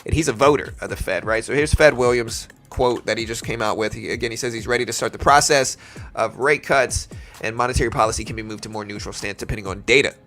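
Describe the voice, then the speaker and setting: A man's voice: medium pitch, fast, fairly bright tone, faint music behind. A man with a light South Louisiana accent hosting a live trading stream, chatting casually with viewers as he calls out market moves. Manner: chatty, answers viewer chat while calling market moves.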